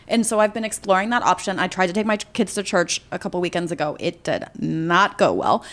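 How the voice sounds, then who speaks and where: A woman's voice: lowish voice, brisk, a bit bright. A young adult woman co-hosting a podcast, telling stories animatedly with casual swearing. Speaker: podcast co-host. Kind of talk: casual chat.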